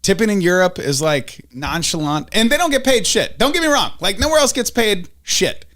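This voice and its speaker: Male co-host; high, expressive voice; jokey, teasing casual chat. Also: moderate pace. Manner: laughs often, teasing banter. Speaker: podcast co-host.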